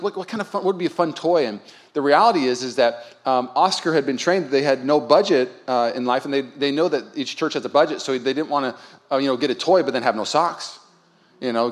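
A male pastor giving a sermon in a loose, conversational way, telling stories with quiet asides and rising to loud, emphatic points. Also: medium pitch. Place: church sanctuary.

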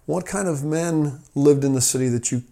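A man voicing a calm wise old man at a city gate, answering each traveler slowly with a gentle question of his own. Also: a little high, vocal fry. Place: office.

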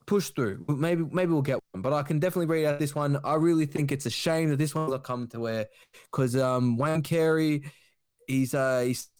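A man's voice: fairly high pitch, normal speed, a little mellow, no room sound, studio quality. A man with an Australian accent hosting a comedy podcast, crude and rambling in casual chat. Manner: crude, rambling, laid-back. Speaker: podcast host.

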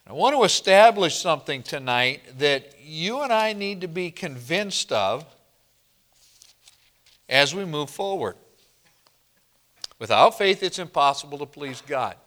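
Male pastor, slow deliberate sermon delivery, higher voice, call-and-response style. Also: lively intonation, fairly bright tone. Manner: slow, emphatic preaching with call-and-response questions.

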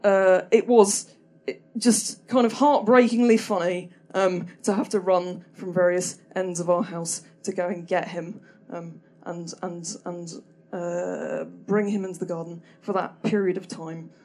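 A woman's voice: lowish voice, steady tone, measured pace, a little mellow. A woman telling a stand-up story in a hesitant, self-deprecating way, full of ums and restarts. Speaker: comedian.

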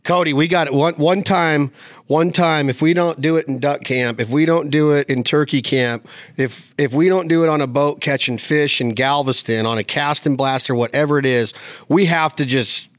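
A man's voice: a little high, moderate pace, no room sound, studio quality. A man hosting a podcast, asking questions in a casual, enthusiastic and emphatic way. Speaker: podcast host. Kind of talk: casual interview chat.

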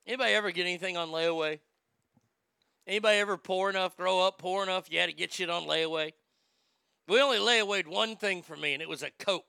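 A man's voice: sits high, fast, creaky, bright, forceful tone, smooth, dry recording. A middle-aged man hosting a casual talk show, telling stories in a wisecracking, profane way. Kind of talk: casual talk radio banter.

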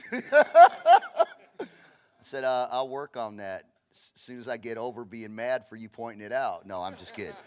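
A middle-aged man from Los Angeles, a pastor preaching a passionate, storytelling sermon that swings between loud bursts and hushed asides. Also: medium pitch, moderate pace.

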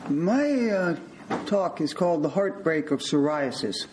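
An older male physician giving a storytelling talk in a measured, wry manner. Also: a little high, expressive, noisy background.

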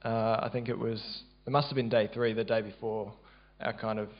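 A man with an Australian accent, telling a church testimony in a casual, halting way with many fillers. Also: little pitch movement. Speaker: church member sharing a testimony. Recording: dull low-fidelity sound.

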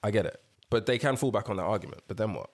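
A man co-hosting a podcast, talking politics in a measured way and steering the topic. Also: fairly low pitch, expressive. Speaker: podcast co-host. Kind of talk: casual political chat.

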